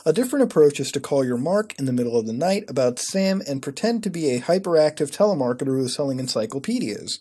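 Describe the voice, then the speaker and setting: A man's voice: on the high side, animated, quick pace, hardly any pauses, mellow, breathy edge. A man hosting a casual commentary video, reading a web page aloud and reacting with sarcastic, profane disbelief. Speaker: host.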